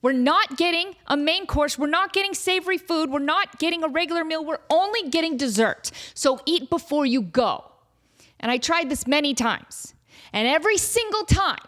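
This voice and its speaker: A woman podcast host telling a casual story in an animated, self-deprecating way, laughing often. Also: high voice.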